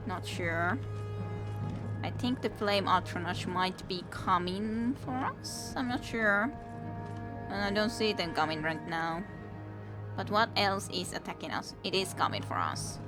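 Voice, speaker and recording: A young woman, chatting and giggling as she streams a game and talks to the enemies she fights. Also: lowish voice. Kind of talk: casual let's-play commentary. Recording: game music playing under the voice. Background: video game music.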